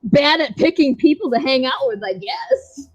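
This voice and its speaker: A woman's voice: sits high, sing-song, moderate pace. A woman hosting a casual online chat, talking loosely, laughing often and swearing freely. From United States. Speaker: host. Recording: dull lo-fi sound, faint music.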